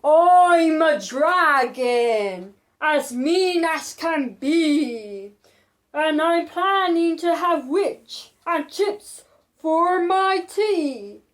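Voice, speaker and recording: A woman doing a slow, mean storybook dragon. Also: expressive, exaggerated voice. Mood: menacing. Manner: slow, low and menacing. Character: mean hungry male dragon.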